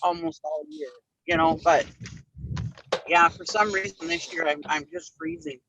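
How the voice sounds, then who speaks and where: A woman's voice: lowish voice, measured pace, dull audio, background noise. A woman in her forties with a Finnish-influenced Upper Midwest accent, chatting and laughing as a co-host. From northern Wisconsin. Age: 40s. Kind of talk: casual chat.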